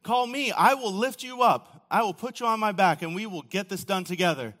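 A man preaching a sermon, telling the story casually with acted quotes, often dropping to a quiet, low voice. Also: brisk. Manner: casual storytelling with acted quotes and sudden drops to near-whisper. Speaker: pastor. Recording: long hall reverb.

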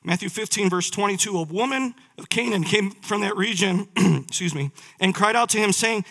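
Reading verses aloud and questioning his listeners, a man delivers a sermon. His voice is high-pitched and a bit bright, moving fairly quickly with few pauses.

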